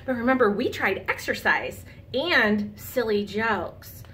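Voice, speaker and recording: Gentle woman teacher talking to kids. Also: on the high side, slow, a little hiss or hum. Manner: patient, encouraging, speaks to young children; calm, soothing guidance. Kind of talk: teaching a children's lesson on camera.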